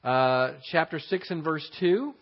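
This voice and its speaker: A man teaching a verse-by-verse Bible lesson, explaining and rephrasing scripture in an unhurried classroom manner. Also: a little high, expressive. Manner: explanatory, rephrasing verses, frequent fillers and restarts. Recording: slightly dull lo-fi recording.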